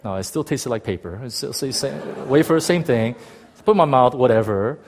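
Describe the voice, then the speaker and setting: A male pastor giving a testimony in a sermon, animated and full of restarts, swinging from loud bursts to hushed tones. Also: medium pitch, fairly quick.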